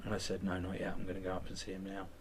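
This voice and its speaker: A man's voice: low voice, completely flat delivery, racing, slight background noise. A man, candidly retelling events in an interview and acting out quoted lines, with some casual swearing.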